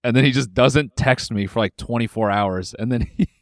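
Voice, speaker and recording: A man's voice: medium pitch, moderate pace, no room sound, clean studio sound. A man co-hosting a comedy podcast, joking crudely and laughing often in casual chat. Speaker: podcast co-host.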